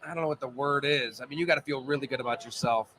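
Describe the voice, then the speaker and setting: A man's voice: medium pitch, very fast, a bit bright, low-quality recording. A sports journalist, a man, chatting on a live podcast in a pizza bar, telling stories full of asides. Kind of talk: casual chat.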